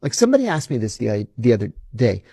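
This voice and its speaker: Gravelly man telling emphatic stories. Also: mid-range voice, huge pitch swings, fast talker, dark tone, dry recording. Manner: emphatic, indignant storytelling. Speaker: former intelligence officer. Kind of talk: interview storytelling.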